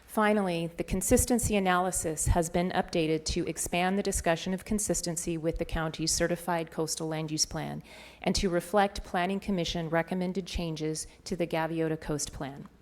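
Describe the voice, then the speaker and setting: A woman from county planning staff giving a formal presentation to a board, reading in a measured way. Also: fairly low pitch, fairly even intonation.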